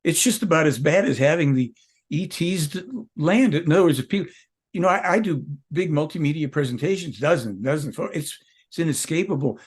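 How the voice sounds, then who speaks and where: Man, older, interview guest, emphatic, rambling, self-correcting, husky, slightly high voice. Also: fairly quick. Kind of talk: conversational interview.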